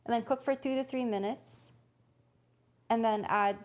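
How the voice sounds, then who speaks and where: A woman's voice: a little high, fairly even intonation, moderate pace, a little mellow. A young woman livestreaming from a home kitchen, casually chatting and thinking aloud as she reads a recipe to her viewers. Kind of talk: casual cooking stream chat.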